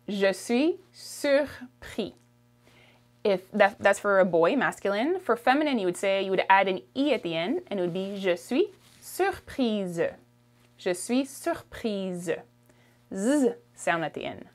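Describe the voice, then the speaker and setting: A woman teaching a language lesson, patiently repeating each phrase and checking in with "okay?". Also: mid-range voice. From Canada. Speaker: French teacher.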